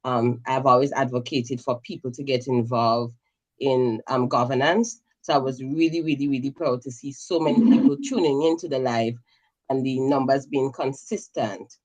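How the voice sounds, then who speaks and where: Woman from Grenada, caller, earnest, measured delivery with fillers. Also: very deep voice, darkish tone, dull audio. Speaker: caller commenting on the budget. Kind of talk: casual call-in commentary.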